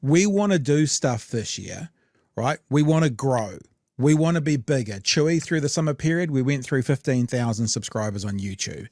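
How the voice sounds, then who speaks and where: A man's voice: medium pitch, lively intonation, normal speed, a little mellow, no room sound, studio quality. A man with a New Zealand accent hosting a political podcast, talking bluntly with many fillers and restarts. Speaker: podcast host. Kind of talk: casual political chat.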